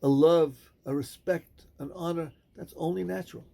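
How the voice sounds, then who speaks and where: A rabbi delivers a sermon and tells its story in measured phrases with dramatic pauses. His voice is strongly gravelly and husky, and it is fairly high for a man. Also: steady tone, mellow.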